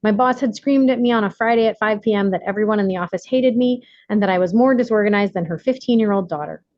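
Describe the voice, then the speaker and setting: A woman reading her own self-help book aloud in an earnest, measured, deliberate way. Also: medium pitch, a little mellow, no echo, lo-fi sound.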